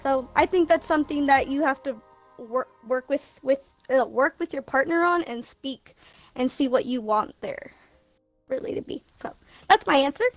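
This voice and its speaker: A young woman with a high, bright-pitched voice talks openly on a casual stream, laughing easily between thoughts. Soft music sits faintly underneath. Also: normal speed, no echo. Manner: candid, laughs often, emotional. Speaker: guest, best friend of host. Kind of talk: casual livestream chat.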